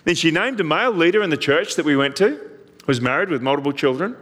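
A man's voice: a little high, fast, long reverb tail. A man preaching a sermon as a pastor, telling stories with animation and briefly voicing the people in them. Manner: animated storytelling, voices the people in the story.

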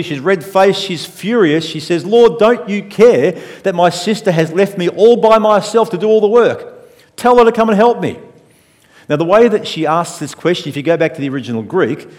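A man preaching a sermon in a measured, reflective way, often using rhetorical questions. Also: medium pitch, long reverb tail. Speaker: pastor.

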